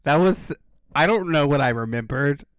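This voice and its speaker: A man's voice: a little high, animated, moderate pace, clear, resonant tone, no echo, clean studio sound. A man co-hosting a podcast, reacting in casual chat with bursts of laughter. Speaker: podcast co-host.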